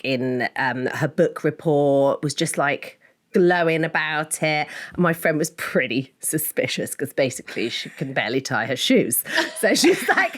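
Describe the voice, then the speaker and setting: A woman co-hosting a podcast, telling a gossipy story in casual chat, lively and full of fillers like "like". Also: deep voice. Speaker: podcast co-host.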